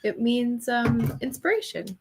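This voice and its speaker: A woman's voice: on the high side, animated, unhurried, a little hiss or hum. A woman co-hosting a live art stream, chatting casually in an easygoing, slightly hesitant way. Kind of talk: casual chat while making art.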